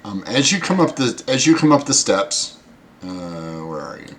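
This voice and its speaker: A man narrating as game master, pausing often with fillers. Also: medium pitch, big pitch swings. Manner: hesitant, many fillers.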